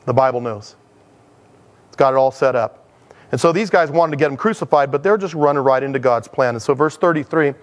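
A man's voice: mid-range voice, brisk. A man preaching a conversational sermon in a chatty manner, acting out dialogues as he teaches. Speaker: pastor.

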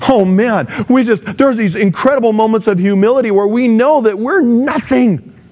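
A man's voice: sits high, normal speed, a little mellow. A man preaching a sermon in a casual, conversational way, acting out the voices of the people he quotes. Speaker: pastor.

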